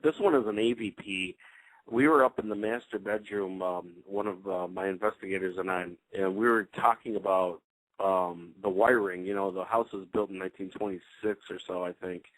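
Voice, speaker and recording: A man's voice: sits low, no room sound, rough recording. A man, a paranormal investigator, casually recounting an experience on a talk show, rambling with many fillers and restarts. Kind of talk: casual anecdote telling.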